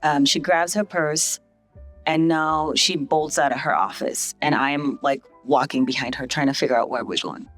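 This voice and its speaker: Lively middle-aged woman telling her story. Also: deep voice, moderate pace, faint music behind. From St. Vincent. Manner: lively storyteller who acts out other people's quoted lines in a raised voice. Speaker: guest, hospital CEO. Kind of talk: casual storytelling in a podcast interview.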